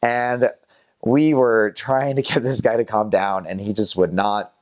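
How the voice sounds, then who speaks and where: A young man with a fairly low voice recounts a personal story in an easygoing, conversational way. He sprinkles in small laughs and casual fillers as he talks. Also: fairly even intonation, a little slow. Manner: chatty, laughs often between phrases, fillers like "like" and "kinda". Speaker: former missionary telling a story.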